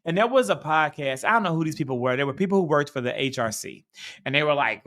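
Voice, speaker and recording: A man co-hosting a casual political podcast, talking in animated, profane rants with sudden loud outbursts. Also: on the high side, quick pace. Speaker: podcast co-host. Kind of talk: heated casual political chat.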